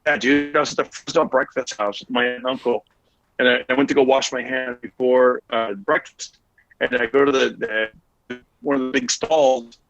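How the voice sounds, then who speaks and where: A man's voice: medium pitch, normal speed, no echo, lo-fi sound. Rambling middle-aged man telling a story. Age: 40s. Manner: rambling, animated anecdote with many fillers. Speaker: podcast host. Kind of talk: casual chat, storytelling.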